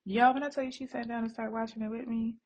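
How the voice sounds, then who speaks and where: A woman vlogs from home while braiding her daughter's hair on a bed, chatting to viewers in a rambling, easygoing way and calling them y'all. Her voice is on the high side, fairly monotone, and quick, and the recording sounds muffled.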